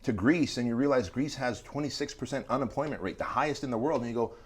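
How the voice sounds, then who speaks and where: A man's voice: medium pitch, fast, breathy edge. A middle-aged man, a guest on a podcast interview, telling stories and acting out quotes. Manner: animated storytelling, acts out quotes. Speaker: entrepreneur guest.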